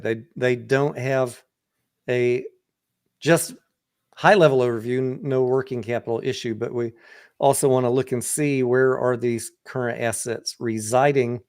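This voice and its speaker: A man's voice: medium pitch, a little mellow, clean tone. Blunt, casual male stock-chat host. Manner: blunt, profane, conversational. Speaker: livestream host and stock trader. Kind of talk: casual livestream analysis.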